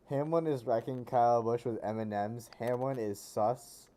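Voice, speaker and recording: A man's voice: mid-range voice, animated, a little slow, dark tone. A man streaming a racing game, talking casually in a rambling, jokey way and often correcting himself mid-sentence. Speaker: gaming streamer. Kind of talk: casual live game commentary. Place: lives near a Pennsylvania capital city.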